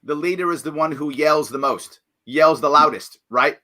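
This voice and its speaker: A man's voice: a little high, normal speed, sharp tone. A man hosting a live-stream chat show, talking casually and animatedly, often laughing and rambling. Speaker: host.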